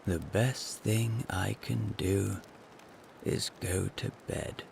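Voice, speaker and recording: A man's voice: on the low side, fairly even intonation, takes it slowly, gravelly, a little mellow, slight background noise, full character voice. A man voicing a gloomy, embarrassed young man who grumbles and stammers. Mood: glum.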